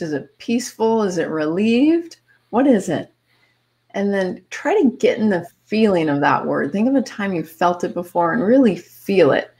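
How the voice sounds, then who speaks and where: A woman hosting a podcast, calmly guiding listeners step by step through a visualization exercise. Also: medium pitch. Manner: calm, step-by-step coaching with light laughs. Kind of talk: guided visualization instructions.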